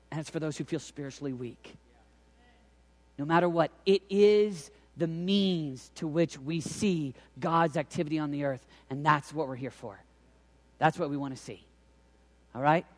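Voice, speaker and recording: Man, thirties, preacher with a fairly high voice; drops to near-whispers and climbs to shouts; long hall reverb. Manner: swings from hushed near-whispers to loud shouted cries. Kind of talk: sermon.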